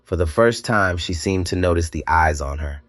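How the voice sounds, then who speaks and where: A man narrating a dramatic scripted story, measured and slow, with deliberate pauses. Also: low-pitched, lively intonation, a bit bright, no echo.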